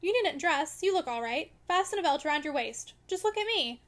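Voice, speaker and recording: A woman doing a fussing motherly lady friend, coaxing and chiding, lively high voice, audiobook reading. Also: brisk.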